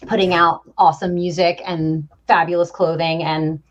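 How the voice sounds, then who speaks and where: A middle-aged woman chats as a podcast guest in a lower voice. She rambles and fills her talk with restarts. The sound is slightly dull and lo-fi. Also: little pitch movement, normal speed. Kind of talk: casual chat.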